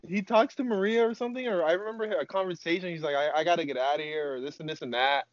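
A man's voice: on the high side, fast, dry recording. A young man chiming in with his friend's story in casual, slangy chat. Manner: laughs often, chimes in with a loose, slangy recap. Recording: dull lo-fi dry recording.

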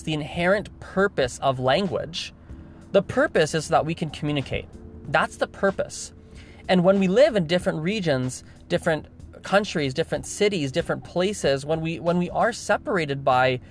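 Emphatic man, slightly higher voice. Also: slight background noise. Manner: emphatic, repeats words, restarts often. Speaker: video host. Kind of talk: casual opinion monologue.

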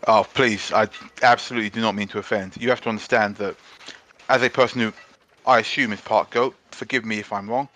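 A man's voice: on the low side, steady tone, fairly quick, a bit bright. A man playing a polite, fussy constable in a tabletop game. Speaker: player. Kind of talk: tabletop role-play.

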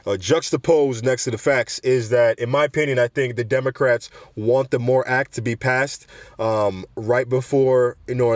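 A man's voice: medium pitch, no room sound. Casual man reading news and commenting. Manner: trips over words, corrects himself, breaks off for opinions. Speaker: show host.

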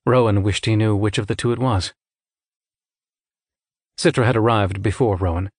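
A man with a fairly low voice narrates an audiobook from a script, keeping his storytelling calm and even. The studio-quality recording carries no room sound.

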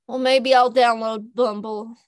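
Lady doing a high whiny southern kid imp, lonely little demon boy, dry close sound. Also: level tone, measured pace, clear, resonant tone, no echo, lightly acted. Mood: eager. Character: annoying young male imp demon, lonely.

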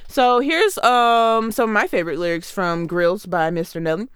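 A young woman in her twenties from Michigan riffs sarcastically through a comedy monologue, lively and conversational. Her voice is smooth and crisp, recorded dry and close with no room around it. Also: medium pitch, moderate pace, hardly any pauses, no room sound. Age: 20s. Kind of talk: comedic monologue about song lyrics.

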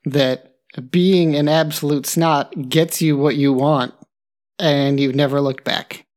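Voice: mid-range voice, fairly even intonation, slow pace, darkish tone. A podcast co-host chatting casually and dryly teasing a sibling. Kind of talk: casual chat.

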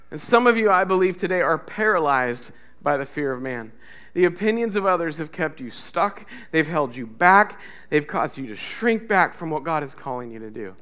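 A man preaching a sermon as pastor, swinging between loud emphatic repetition and soft hushed lines, and leading the congregation in call-and-response. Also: fairly high pitch. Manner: builds to loud emphatic repetition, drops to soft near-whispers.

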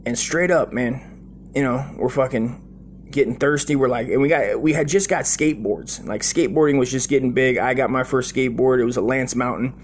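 A man's voice: mid-range voice, moderate pace, a little hiss or hum. Foul-mouthed rambling male storyteller. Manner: profane, loose and chatty, with many fillers like "dude" and "right?". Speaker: host telling a childhood story.

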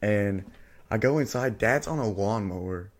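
A man's voice: lowish voice, expressive, moderate pace. A young man co-hosting a podcast, eagerly retelling a childhood story and acting out what was said. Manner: eager retelling, acts out quoted lines. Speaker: podcast co-host. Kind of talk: casual storytelling chat.

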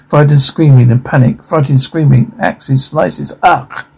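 A man reads a drama's captions and sound cues aloud in a gravelly, husky voice. He sounds dark and mellow, and his reading is flat and halting. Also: medium pitch, low-quality recording.

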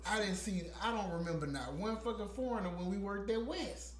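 A man's voice: high voice, fairly quick, echoey room. A man hosting a podcast in casual chat, ranting with lots of profanity and laughter. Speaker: podcast host.

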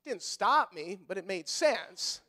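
A middle-aged pastor preaching a sermon in a folksy manner, rising to loud fervent passages and dropping to quiet, soft-spoken stretches. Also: male voice, high-pitched, sing-song, unhurried. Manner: folksy, repeats words when fired up.

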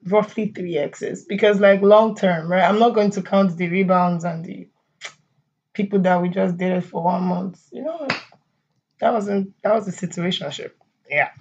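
A woman's voice: medium pitch, a little slow, darkish tone, slightly rough, muffled recording. A woman hosting her own podcast, chatting casually with her listeners. She laughs often and uses a lot of fillers and asides. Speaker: podcast host. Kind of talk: casual solo podcast chat.

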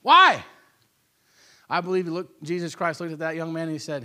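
A man's voice: on the high side, expressive, normal speed, pushed and bright. A male preacher delivering a sermon in an emphatic, conversational way, repeating key phrases.

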